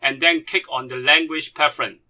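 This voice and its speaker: A man giving a step-by-step computer screen tutorial as a language teacher, speaking with halting, grammar. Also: a little high, fairly even intonation, bright, forceful tone. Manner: halting, non-native grammar.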